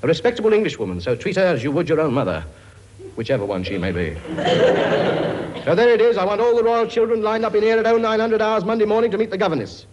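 A man's voice: high voice, very animated, quick pace, a little mellow, muffled recording, slight background noise. A man playing a bossy, boastful comic king in a sitcom, blustering and scolding in a chummy way. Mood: brusque. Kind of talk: sitcom acting before a laughing audience.

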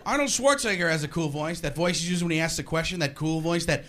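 A man's voice: fairly high pitch, quick pace, few pauses. A man performing a rambling, punchy stand-up set that keeps slipping into impressions, recorded live with an audience. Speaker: stand-up comedian. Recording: live club, crowd and noise behind. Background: audience laughter.

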